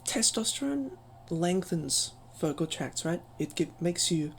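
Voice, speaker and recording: A woman's voice: lowish voice, sing-song, measured pace, gravelly, a little hiss or hum, poor audio. A woman giving a casual voice-training tutorial, chatty and self-deprecating, with frequent ums.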